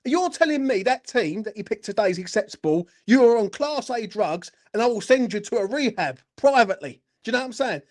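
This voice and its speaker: A man's voice: high voice, lively intonation, brisk, hardly any pauses, darkish tone. A man, hosting a fan channel, ranting furiously after a match, swearing and repeating "do you know what I mean". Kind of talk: angry post-match rant.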